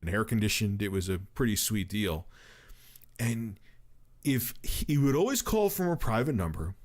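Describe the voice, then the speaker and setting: A man's voice: fairly low pitch, moderate pace. A man in his thirties casually telling a long story on a stream, swearing and acting out quotes. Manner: profane, animated retelling with acted quotes. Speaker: storyteller on a livestream.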